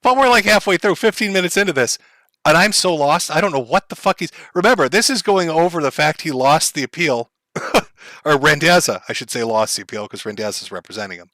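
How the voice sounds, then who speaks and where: A man's voice: a little high, expressive, fairly quick, sharp tone, no room sound. A man commenting on a clip during a live stream, talking bluntly and with a lot of swearing to his chat. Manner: blunt, profane, lecturing aside to chat.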